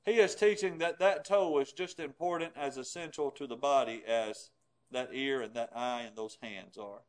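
A man's voice: mid-range voice, normal speed, rough recording. A middle-aged man preaching a sermon, emphatic and conversational, asking the listeners rhetorical questions.

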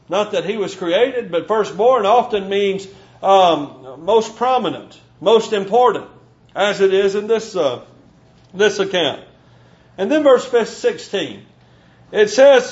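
A male preacher giving a sermon, teaching from scripture and slowing down to stress key phrases. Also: high voice, animated, muffled recording. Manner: emphatic, slows down to stress scripture.

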